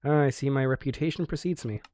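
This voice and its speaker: Relaxed streamer guy, friendly role-play chatter, mid-pitched voice, no room sound. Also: no echo, studio quality. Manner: easygoing, friendly, talks to his chat. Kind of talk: casual in-game role-play chat.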